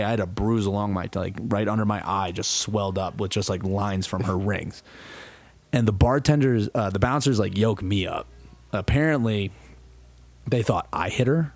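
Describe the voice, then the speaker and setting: A young man with a lowish voice spins a long, swearing-laced story on a casual podcast. He rambles and restarts, then slips into the voices of the people in his story. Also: normal speed, a little mellow. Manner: profane, rambling storyteller who acts out quotes. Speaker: podcast co-host.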